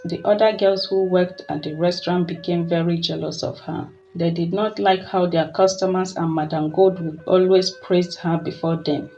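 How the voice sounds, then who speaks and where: A storyteller giving scripted folktale narration in a measured, steady way. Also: mid-range voice, dull audio, slight background noise. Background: soft music.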